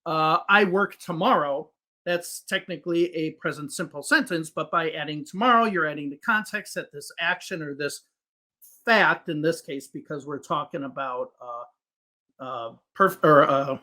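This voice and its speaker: A man's voice: a little high, moderate pace, pushed and bright. Patient man explaining grammar. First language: English. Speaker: English teacher. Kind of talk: explanatory podcast conversation.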